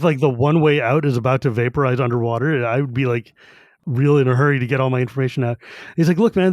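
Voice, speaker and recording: A man co-hosting a podcast, recapping a book in casual chat and acting out the characters in quick quoted bits. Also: on the high side, a little mellow, no room sound. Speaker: podcast co-host.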